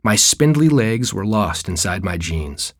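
Man narrating memoir, deadpan, wry, lowish voice, dry close sound. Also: measured pace, dry recording. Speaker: storyteller. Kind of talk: reading a personal memoir story aloud.

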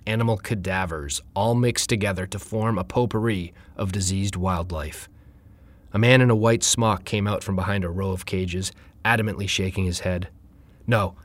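A man reading a first-person story aloud in a wry, deadpan way. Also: on the low side, no echo. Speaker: narrator.

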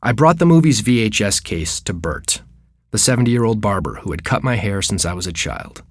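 A man's voice: low-pitched, normal speed, no echo, clean studio sound. Wry man reading a memoir. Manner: wry, deadpan humor. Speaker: storyteller. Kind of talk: reading a personal memoir story aloud.

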